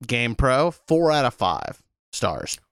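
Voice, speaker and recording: A man's voice: mid-range voice, big pitch swings, slow pace, smooth, dry recording, studio quality. A man co-hosting a podcast in casual, joking chat. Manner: joking, reads out slang and review scores. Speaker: podcast co-host.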